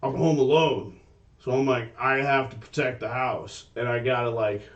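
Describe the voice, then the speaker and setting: A man co-hosting a casual podcast, telling stories in an animated way and swearing freely. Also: mid-range voice, moderate pace, distant mic, muffled recording. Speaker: podcast co-host. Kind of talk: casual chat.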